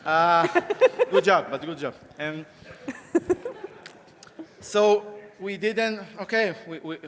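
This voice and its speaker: A man with a sore throat gives a live conference talk, playfully coaching volunteers on stage in an animated way. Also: high-pitched, takes it slowly. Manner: playful, animated, coaxing the audience. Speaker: conference speaker. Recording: long hall reverb, faint crowd noise.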